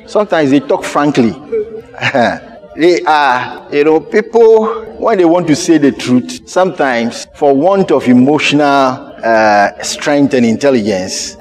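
A male preacher delivers his sermon in a lively voice that swings widely in pitch and sits a little high. He races through asides, then shouts or stretches out words for emphasis. Soft music plays faintly behind him. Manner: animated preaching, sudden shouts and drawn-out emphasis.

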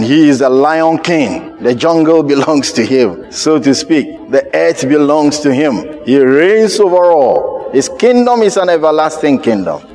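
A male preacher delivers his sermon in a lively voice that swings widely in pitch and sits a little high. He races through asides, then shouts or stretches out words for emphasis. Soft music plays faintly behind him. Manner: animated preaching, sudden shouts and drawn-out emphasis.

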